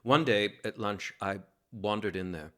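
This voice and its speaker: A man from New York City, a guest telling a lively, self-mocking story in a casual interview and laughing as he goes. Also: fairly low pitch, a little slow.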